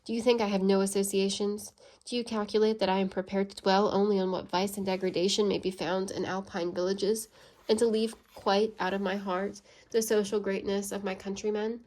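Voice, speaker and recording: A woman's voice: medium pitch, steady tone, moderate pace, a little mellow, natural voice. A woman reading aloud, voicing a proud, earnest young Swiss woman in a storybook, close to her own voice.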